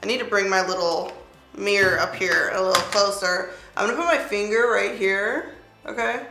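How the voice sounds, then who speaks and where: Woman, young, bright forceful voice, playful chatty makeup tutorial, roomy echo. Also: mid-range voice, moderate pace. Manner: chatty, playful, talks through each step. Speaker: beauty vlogger. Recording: roomy echo, faint music.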